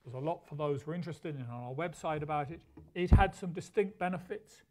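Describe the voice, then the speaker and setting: A man giving a formal conference presentation, speaking in a measured way with frequent restarts and points of emphasis. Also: on the high side, a little mellow.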